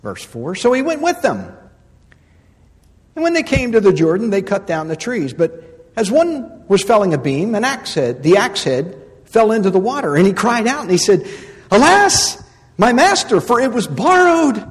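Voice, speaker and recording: A man preaching a sermon who reads scripture, then explains it with humor, stressing points by repeating phrases and swinging from loud to soft. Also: high-pitched, sing-song, moderate pace, big-room sound. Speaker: pastor.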